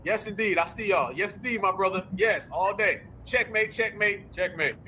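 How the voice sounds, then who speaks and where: A man hosting a political commentary show, talking in an animated, sarcastic, slangy way. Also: high-pitched, fairly quick, slight background noise. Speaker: host.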